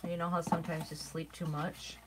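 A woman's voice: low voice, fairly quick. A middle-aged woman hosting a craft livestream, chatting casually with viewers while she demonstrates and yawns now and then. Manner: chatty and relaxed, with frequent yawns. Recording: steady background noise.

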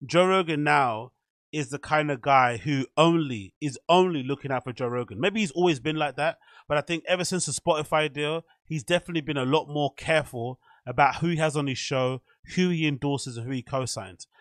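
Guy rambling about online gossip, kinda high voice, dry close mic. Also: fairly quick, a bit bright, no room sound. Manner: chatty, rambling with fillers. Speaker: commentary channel host. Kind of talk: casual commentary.

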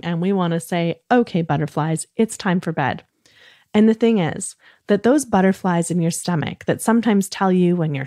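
A woman hosting a children's podcast, leading a gentle, soothing bedtime talk that encourages young listeners. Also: mid-range voice, no echo, clean studio sound.

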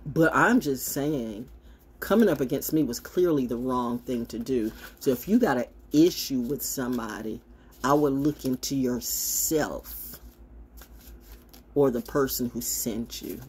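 A woman's voice: a bass voice, a little slow, a little mellow, breathy edge. A woman holding a casual, brash, sassy monologue to camera as a self-styled spiritual oracle, swinging from mocking asides to blunt remarks.

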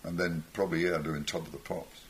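A man's voice: sits low, level tone, brisk, slight background noise. An older man, a musician guest on stage, telling rambling anecdotes with chuckles and acted-out voices. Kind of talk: anecdotal storytelling.

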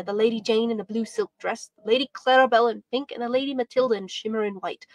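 A beaming, eager boy, as a woman reads him aloud, chatters on in a homely dialect. The voice sits fairly high. The sound is close and dry. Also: no echo. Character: poor cheerful Irish boy, eager and proud.

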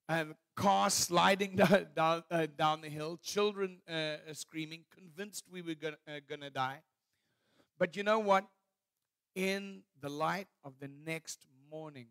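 A man's voice: a little high, no room sound. A male pastor preaching a sermon, telling stories with humor and acting out scenes. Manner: animated storytelling, acting out scenes; warm humor, laughing at own stories.

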